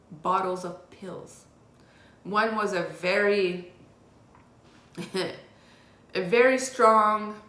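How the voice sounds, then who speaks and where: A woman's voice: mid-range voice, a bit bright. A woman telling her own hard life story in a candid, raw way, with blunt swearing, as a confessional vlog. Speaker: vlogger. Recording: roomy echo.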